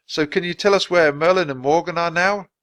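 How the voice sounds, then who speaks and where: A man's voice: on the high side, brisk, a bit bright, dry recording, voice pushed up, lightly acted. A man reading aloud and voicing a cautious, worried young boy in a storybook, who speaks hesitantly. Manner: hesitant, murmuring.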